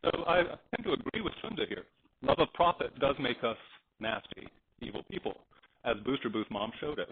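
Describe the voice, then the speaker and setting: A male teacher giving an animated, digressive classroom lecture, acting out little anecdotes along the way. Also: medium pitch, moderate pace, noisy background. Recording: tinny phone-like lecture recording.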